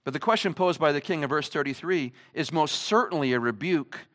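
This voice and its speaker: Preaching briskly at a church service, this pastor has a high, lively male voice. His sermon is emphatic and full of rhetorical questions to the congregation.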